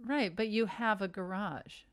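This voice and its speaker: A woman's voice: mid-range voice, unhurried, no echo. A woman co-hosting a podcast with dry, teasing banter in casual chat. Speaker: podcast co-host.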